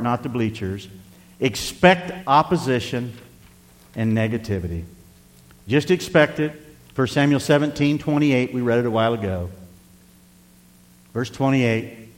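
An older man preaching a folksy sermon as pastor, rising to loud emphasis and dropping to quiet asides. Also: medium pitch, a little slow, pauses often, big-room sound. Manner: folksy, varies loudness for emphasis, occasional chuckles.

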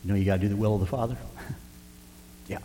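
A man preaching a sermon as pastor, impassioned, swinging between hushed pleading and loud preaching. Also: lowish voice, steady tone, quick pace, in a large hall, slight background noise. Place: church sanctuary.

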